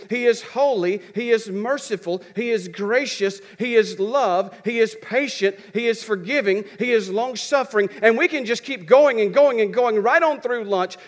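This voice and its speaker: A man preaching a sermon. He asks questions and answers them himself, and repeats phrases for rhythm. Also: high-pitched.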